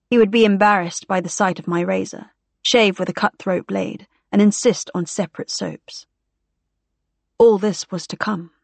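Wry woman narrating, gravelly. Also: mid-range voice, no echo. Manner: wry, dry first-person storytelling. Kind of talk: audiobook narration.

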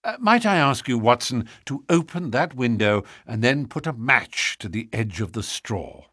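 A man's voice: mid-range voice, moderate pace, husky, dry recording, clean studio sound. Man reading as a cool, pompous detective. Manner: calm, precise, faintly pompous. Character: cool, theatrical adult male detective.

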